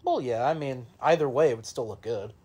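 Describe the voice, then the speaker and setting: Teasing male co-host with a husky voice. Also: medium pitch, warm tone. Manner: teasing and quick to object. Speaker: podcast co-host. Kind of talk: casual sports chat.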